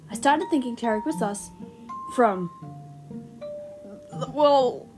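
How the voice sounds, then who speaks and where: An excitable young woman hosts her own fan-theory podcast off the cuff, rambling from thought to thought and rushing her words when excited. Her voice sits a little high, and music plays clearly behind her the whole time. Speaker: podcast host.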